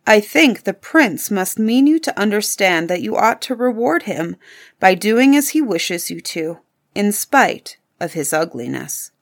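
A woman voicing a thoughtful older father in a storybook, giving calm, measured advice a little lower than her narration.

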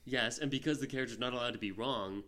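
A man's voice: mid-range voice, quick pace, bright, forceful tone. A man co-hosting a casual film-review podcast, talking in a rambling way with lots of fillers and restarts. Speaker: podcast co-host.

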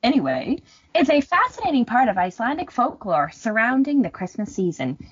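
A woman's voice: on the high side, fairly quick, slight background noise. A young woman co-hosting a casual podcast, chatting and reading folklore notes with sarcastic asides. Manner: animated, joking, sarcastic asides. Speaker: podcast co-host. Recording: dry, dull lo-fi mic.

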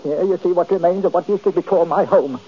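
A man's voice: sits high, fast talker, background noise, close to an everyday voice. An actor playing a self-pitying old male miser in a 1940s radio drama, whining and querulous. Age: older. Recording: dull lo-fi old radio recording.

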